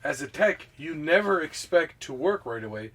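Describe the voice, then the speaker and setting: A man with a slightly high voice talks casually on a podcast. He rambles through his points with frequent restarts and filler words. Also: animated, moderate pace, fairly bright tone. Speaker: podcast co-host.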